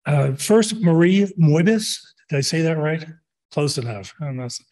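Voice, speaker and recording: A man's voice: on the high side, darkish tone. A man introducing guest speakers at a club meeting, chatty and stumbling over names and Spanish words.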